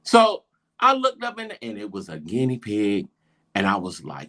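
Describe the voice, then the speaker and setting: A man co-hosting a podcast, telling an expressive comic story about family life. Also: fairly low pitch, normal speed. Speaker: podcast co-host. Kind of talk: comedic storytelling.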